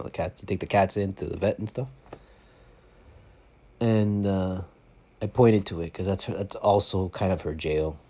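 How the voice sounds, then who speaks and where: Male solo podcaster, lowish husky voice, casual rambling delivery with profanity. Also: darkish tone. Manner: rambling, joking, swearing, spells things out. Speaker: podcast host.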